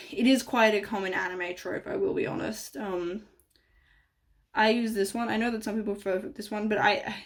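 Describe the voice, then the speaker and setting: Chatty woman rambling over game art. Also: medium pitch. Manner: rambling, full of "like" and "um" fillers, self-correcting; chuckles now and then. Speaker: YouTuber analyzing game character designs. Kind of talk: casual commentary.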